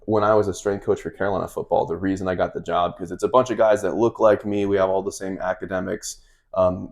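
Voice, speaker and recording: Low gravelly fast-talking man. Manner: storytelling, relaxed and chatty. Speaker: podcast host and fight coach. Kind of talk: casual podcast chat.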